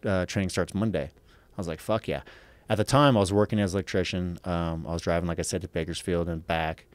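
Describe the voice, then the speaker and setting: A man's voice: deep voice, steady tone, fast, no echo. A man in his thirties, an MMA fighter on a podcast, telling a story casually with lots of swearing and acted-out quotes.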